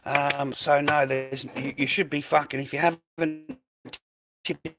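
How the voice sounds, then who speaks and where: A man's voice: on the high side, flat delivery, measured pace, music in the background. An Australian man chatting casually on a livestream from his kitchen at home, rambling and swearing freely while calling viewers mate and bro.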